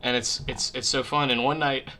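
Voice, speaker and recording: A man's voice: medium pitch, steady tone, moderate pace, pushed and bright. A young man hosting a casual stream podcast from his room, rambling with lots of swearing and fillers. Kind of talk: casual chat on a livestream. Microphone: webcam mic on a video call.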